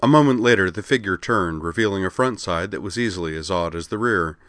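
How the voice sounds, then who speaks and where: A man reading a story aloud with steady, expressive narration. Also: low voice, fairly quick, no room sound, studio quality.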